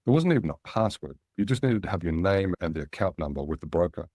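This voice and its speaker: A middle-aged Australian man, a guest in an interview, telling relaxed anecdotes and animating the voices of people he quotes. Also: sits low, quick pace, dry recording, clean studio sound. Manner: anecdotal, animated when quoting others. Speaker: guest, angel investor.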